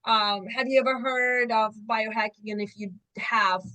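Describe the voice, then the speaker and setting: A woman's voice: fairly high pitch, steady tone, moderate pace, sharp tone, low-quality recording. Hesitant woman on a group call. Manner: hesitant, with many ums. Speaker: team member on a community call. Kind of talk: casual chat on a group call. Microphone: video call.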